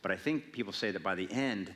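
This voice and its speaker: A man speaking a little low in pitch answers audience questions at a library event. He is casual and wry, and he jokes about himself as he goes. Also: lively intonation, fast talker, a bit bright. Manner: wry, self-mocking humor. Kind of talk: casual Q&A talk. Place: public library event hall.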